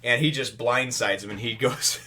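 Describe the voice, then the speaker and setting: A man's voice: mid-range voice, fairly even intonation, normal speed, pushed and bright. A man hosting a casual manga chapter review, retelling the plot in a rambling, filler-heavy way and acting out the characters' lines playfully.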